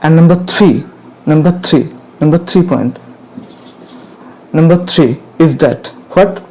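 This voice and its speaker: A man with an Indian English accent teaching English grammar, repeating each point and asking "clear?" to check understanding. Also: on the high side, slow pace, warm tone, low-quality recording. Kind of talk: slow classroom explanation.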